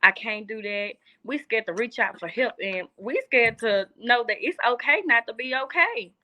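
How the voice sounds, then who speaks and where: A young adult woman with a Southern US accent speaks earnestly as a guest in a casual chat, repeating phrases for emphasis. Her voice is a little high and expressive, at normal speed, and the audio is dull.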